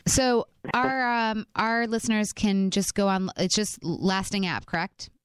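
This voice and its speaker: A woman co-hosting a casual podcast with her husband, bubbly and quick to laugh. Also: mid-range voice, clear, resonant tone, dry recording, studio quality. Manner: bubbly, laughs often, animated storytelling. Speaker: podcast co-host.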